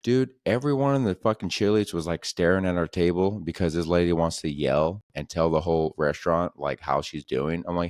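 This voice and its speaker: Low-voiced man ranting casually. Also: fairly quick, hardly any pauses, a little mellow, no echo, studio quality. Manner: profane, slangy, keeps saying "dude". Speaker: podcast host. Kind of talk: casual comedic storytelling.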